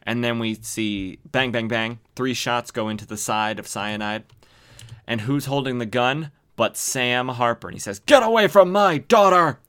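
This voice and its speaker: Chatty man recapping comics, bright tone. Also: medium pitch, fairly even intonation, unhurried, smooth. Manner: enthusiastic, chatty, many fillers. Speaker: podcast host. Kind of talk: casual comic book recap.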